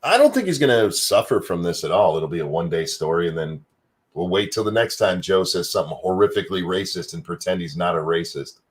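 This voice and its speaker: A male livestream host with a husky edge to his voice, ranting in casual, sarcastic commentary. His pitch moves around a lot as he jokes. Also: lively intonation, brisk. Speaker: livestream talk show host. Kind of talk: casual chat.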